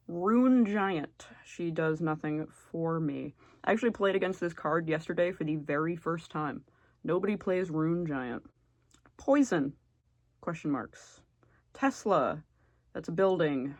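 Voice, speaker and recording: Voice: medium pitch, dry recording. A young adult YouTuber giving blunt, sarcastic, casual comedic commentary and swearing freely. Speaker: YouTuber ranking game characters.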